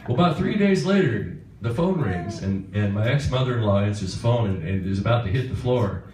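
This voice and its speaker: A guitarist telling a rambling, chuckling story on stage. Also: male voice, lowish voice, expressive, fairly quick, a crowd in the background. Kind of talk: onstage anecdote. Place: concert stage. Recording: echoey hall, far from mic, noisy.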